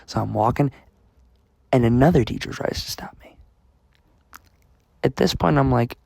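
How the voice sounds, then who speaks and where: A man's voice: medium pitch, expressive, normal speed, gravelly, pauses often, darkish tone, dry recording. A young man from the United States telling a rambling, self-mocking story with lots of fillers and restarts. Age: young adult. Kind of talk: casual storytelling vlog.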